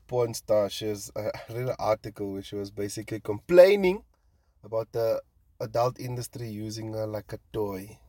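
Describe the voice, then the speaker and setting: A man's voice: fairly low pitch, darkish tone, dry recording. A man hosting his own podcast, rambling casually, laughing and swearing freely as he talks. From South Africa. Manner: loose and laughing, swears freely, lots of fillers. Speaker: podcast host and stand-up comedian.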